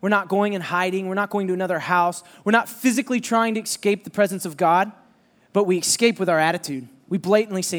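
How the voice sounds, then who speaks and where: A man preaching a sermon, telling a lively personal story and teasing his listeners. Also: high-pitched, fast, long reverb tail. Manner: animated, joking storyteller who teases the audience.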